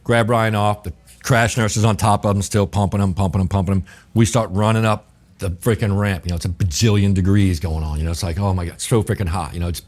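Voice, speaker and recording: A middle-aged man tells a story as a guest in a relaxed interview. His voice sits very low. He talks in a vivid, profane way and acts out the dialogue as he goes. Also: fast talker. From New Orleans, USA. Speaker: guest chef.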